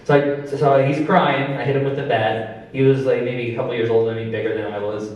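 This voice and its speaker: A stand-up comedian in a club, talking at an everyday middle pitch. He tells a family story in a loose, deadpan way. The mic sits back from him, so his voice rings around the echoey room. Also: a little fast, far from the mic. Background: audience laughter.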